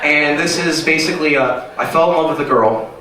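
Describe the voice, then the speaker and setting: A man's voice: on the high side, a little fast, crowd noise. Rambling stand-up comedian man, echoey club. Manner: rambling, self-deprecating, jumps into silly voices. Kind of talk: stand-up set at an open mic. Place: small comedy club stage. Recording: echoey room, mic from far off, noisy.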